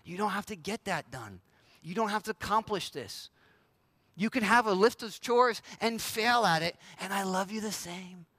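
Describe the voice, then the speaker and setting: A man voicing God as a gentle, reassuring male presence, speaking softly and slowly. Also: fairly high pitch, dry recording, voice pushed down, close to an everyday voice. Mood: tender. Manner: soft, hushed and slow.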